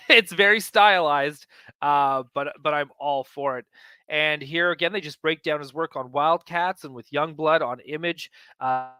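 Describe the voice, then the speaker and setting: Enthusiastic man with a bright clear voice. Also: fairly high pitch, unhurried, no room sound. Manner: enthusiastic, rambling with many fillers. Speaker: host of a collecting show. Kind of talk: casual chat flipping through a magazine.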